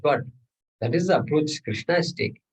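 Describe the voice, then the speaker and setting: A man's voice: a little high, expressive, brisk, slightly rough, far from the mic, poor audio. A man teaching a scripture class, talking through verses with rhetorical questions and chanted Sanskrit. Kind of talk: lecture on scripture.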